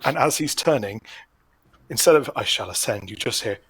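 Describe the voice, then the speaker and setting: A man playing a tabletop role-playing game, describing what his character does with playful relish. His voice is husky. His pitch moves around a lot as he tells the story. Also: animated, moderate pace, a bit bright, dry recording. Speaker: player.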